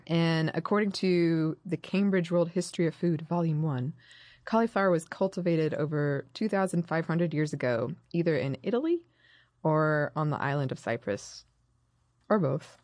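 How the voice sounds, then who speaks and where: A woman's voice: deep voice, moderate pace, darkish tone, dry recording. A woman co-hosting a casual studio chat, sharing food history and reading quotes in a put-on voice. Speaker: podcast co-host. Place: recording studio.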